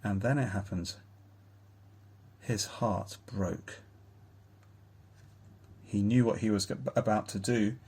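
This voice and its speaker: A man reading a children's Bible story aloud in a slow, tender storytelling manner. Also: lowish voice, fairly even intonation, dark tone, slightly rough. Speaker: reader.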